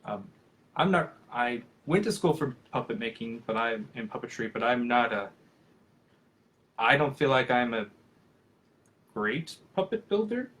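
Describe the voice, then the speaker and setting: A man's voice: mid-range voice, big pitch swings, a little slow, long pauses, a bit bright. A man in his thirties, a professional puppeteer, answering questions in a casual live video chat and rambling with many fillers and restarts.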